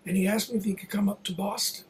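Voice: mid-range voice, steady tone, fast, a little hiss or hum, rough recording. An older theater producer telling a long backstage anecdote, chatty, full of fillers and restarts, and acting out what others said. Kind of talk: anecdotal storytelling.

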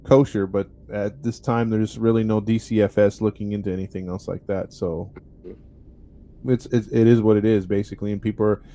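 A man's voice: fairly low pitch, level tone, fairly quick, dark tone, slight background noise. A man hosting a podcast, telling a story in a rambling, wry way with many fillers. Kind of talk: casual storytelling chat.

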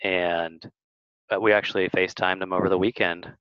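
A man's voice: low-pitched, flat delivery, a little fast, dry recording, lo-fi sound. A man, a podcast guest, chatting casually and telling rambling stories with lots of fillers. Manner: rambling, storytelling with many fillers. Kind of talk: casual interview chat.

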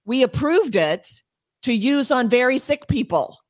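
A woman speaking as an interview guest and homeschool advocate, emphatic and quick, with frequent laughs and restarts. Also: sits high, animated. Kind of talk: passionate interview talk.

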